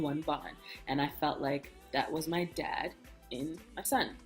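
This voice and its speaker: A young woman with a lowish voice shares a personal story in a frank, lively way, slipping into the voices of the people in it. Soft music plays quietly under her. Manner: candid, animated storytelling, acts out quoted speech. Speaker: vlogger. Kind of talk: casual storytime chat. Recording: soft music bed behind.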